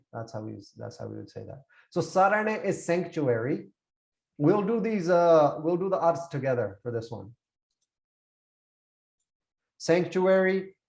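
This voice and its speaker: A man's voice: on the high side, darkish tone. Man explaining scripture. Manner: mixes English and Punjabi, repeats words while explaining. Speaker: Sikh scripture teacher.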